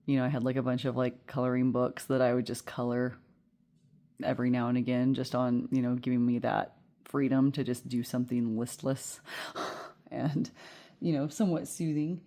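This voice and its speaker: A woman's voice: very deep voice, level tone, normal speed, dark tone. A woman giving a casual pick-a-card tarot reading, rambling and chatty with many fillers and frequent laughter.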